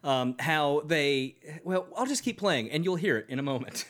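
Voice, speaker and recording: A man co-hosts a podcast in relaxed, animated talk, laughing often. His pitch sits a little high and swings widely as he speaks. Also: normal speed. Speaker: podcast co-host. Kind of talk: casual podcast chat.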